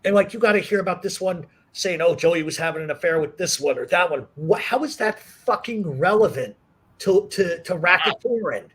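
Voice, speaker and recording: A male podcast host with a high, slightly breathy voice speaks at a moderate pace while hosting a talk show. He tells stories casually and animatedly, swearing a lot.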